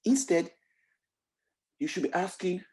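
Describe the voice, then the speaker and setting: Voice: medium pitch, animated, unhurried, a little mellow. A motivational speaker giving a webinar talk over a video call, emphatic and repetitive, with many rhetorical questions and frequent restarts. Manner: frequent restarts and "you know" fillers.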